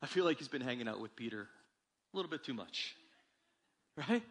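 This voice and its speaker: A man preaching a sermon as pastor, with animated delivery that climbs for emphasis and drops low and quiet. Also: a little fast, breathy edge.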